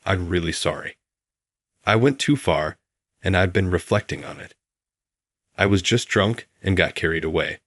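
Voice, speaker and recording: A man voicing a shrill, spoiled, mean middle-aged woman who accuses and demands. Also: moderate pace, pauses often, a bit bright, dry recording, clean studio sound. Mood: shrill accusing.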